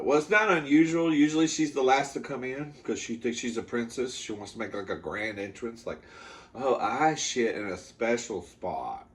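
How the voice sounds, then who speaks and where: A man hosting a comedy eating show, telling a story in a campy, profane, chatty way, calling the viewer "girl" and jumping into loud high yelps when he quotes himself or scolds his dogs. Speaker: comedy mukbang host. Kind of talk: casual storytelling to camera.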